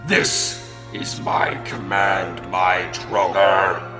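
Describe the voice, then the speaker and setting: A man doing Eferth, a deep slow death spirit. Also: level tone, bright, forceful tone, soft background music, full character voice. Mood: commanding. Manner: slow, menacing and commanding. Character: ancient commanding male death spirit, the Runekeeper.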